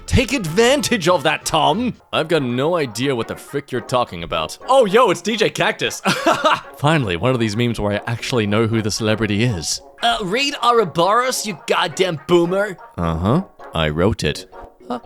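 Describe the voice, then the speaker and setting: Wry man with a lively, swooping voice. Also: fairly high pitch. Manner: sarcastic, wry commentary. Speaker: narrator reading posts aloud. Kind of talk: comedic reading of social media posts.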